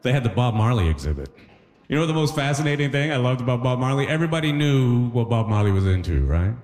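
A man's voice: mid-range voice, very animated, fast talker, a little mellow, long reverb tail. A man doing a stand-up comedy set on a live stage, talking in a loose conversational way and slipping into acted-out voices.

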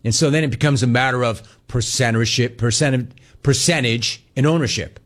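A man hosting a sports talk show, telling a long story in a casual, animated way. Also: mid-range voice, moderate pace. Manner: animated storytelling, mimics callers and others in quotes. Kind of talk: casual radio-style monologue.

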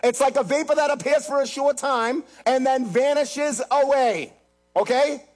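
A man's voice: extremely high pitch, moderate pace, faint music behind. A man preaching a sermon, emphatic and repetitive, speaking straight to his congregation. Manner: emphatic, repeats phrases, addresses the congregation directly. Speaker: pastor.

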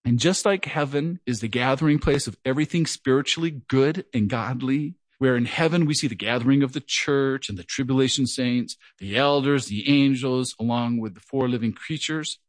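This pastor, a middle-aged man, talks at a normal speed with few pauses and a medium pitch. He gives an earnest, lively verse-by-verse Bible lesson and explains that he stutters and may repeat words. The sound is dry.

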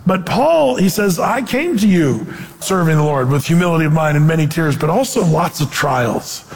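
A man preaching a sermon as pastor, animated and acting out the voices he quotes. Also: a little high, normal speed, vocal fry, big-room sound.

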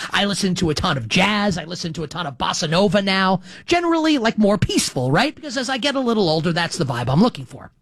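A man's voice: sits high, fairly bright tone, no room sound. A middle-aged man hosting a sports betting show, talking in a rambling, self-correcting, conversational way. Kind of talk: casual sports talk monologue.

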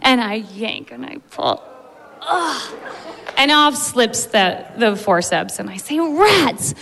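A woman who works as an emergency medicine doctor tells a funny story, animated and laughing through it. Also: mid-range voice, measured pace, gravelly, long reverb tail. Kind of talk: live storytelling.

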